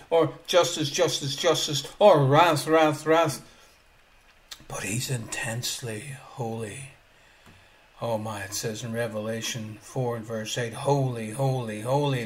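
A man delivering a lively sermon with a somewhat higher-pitched voice. He swings between soft, low asides and loud exclamations, and chuckles often as he preaches.

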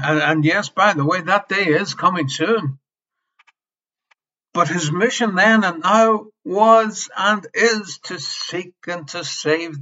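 A man preaching a sermon with passion. He swings between loud emphasis and soft near-whispers and repeats key phrases. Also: fairly high pitch. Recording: slightly dull lo-fi sermon recording.

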